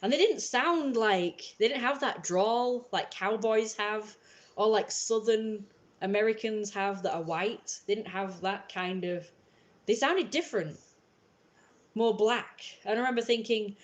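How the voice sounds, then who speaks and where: A woman's voice: mid-range voice, a little slow, highs cut off. A woman with an English accent chatting casually on a livestream, rambling and filling her talk with "like" and restarts. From England. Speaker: livestream host. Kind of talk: casual live-stream chat.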